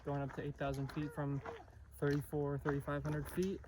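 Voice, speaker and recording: A young man narrating his hiking trip in a relaxed, upbeat, chatty way, filmed outdoors on a mountain trail with a handheld camera. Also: a little high, moderate pace. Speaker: hiker filming his own trip. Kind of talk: casual vlog narration. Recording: noisy outdoor camera audio.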